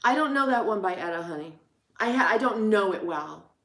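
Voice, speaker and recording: A woman's voice: medium pitch, expressive, a bit bright. Playful middle-aged woman, roomy echo. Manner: playful, self-mocking, quick asides. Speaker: livestream host singing viewer song requests. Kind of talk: casual chat with viewers between songs.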